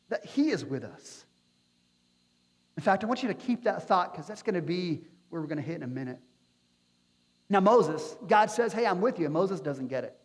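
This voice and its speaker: Brief: high-pitched male pastor preaching in a church with a long reverb, animated delivery. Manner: animated, acts out quotes with playful asides. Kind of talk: sermon. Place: church sanctuary.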